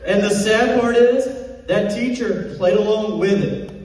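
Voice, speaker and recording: Self-deprecating stand-up comic, echoey hall. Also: male voice, sits high, measured pace, a little mellow, slight background noise. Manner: self-deprecating punchlines with acted quotes. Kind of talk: stand-up comedy set. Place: comedy club stage. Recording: distant echoey hall recording.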